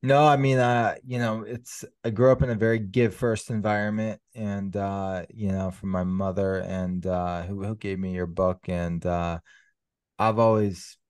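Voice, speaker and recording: Low-voiced reflective male host. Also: fairly even intonation, measured pace, a little mellow, clear, resonant tone, dry recording. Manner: reflective, frequent fillers. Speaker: podcast host. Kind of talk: interview questions.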